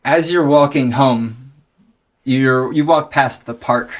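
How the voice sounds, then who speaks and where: A man narrating a scene as game master in a playful, animated way. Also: mid-range voice, slow.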